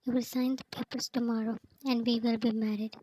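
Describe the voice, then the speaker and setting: A woman reading the lines of an obsessive, possessive young man in a storybook, in a flat, even way. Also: on the high side, a little fast, slight background noise, close to an everyday voice, rough recording. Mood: stern.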